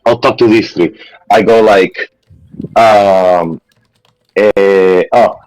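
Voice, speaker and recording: A man's voice: on the low side, fairly even intonation, extremely slow, darkish tone, dry recording, faint music behind, low-quality recording. A man playing a tabletop game who chats casually and rambles while describing his character's actions. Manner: rambling, chatty. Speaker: player. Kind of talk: casual tabletop role-play.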